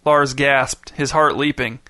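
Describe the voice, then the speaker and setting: Bright, dry male storyteller. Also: medium pitch, steady tone, slow, no room sound. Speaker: audiobook narrator. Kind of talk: scripted narration.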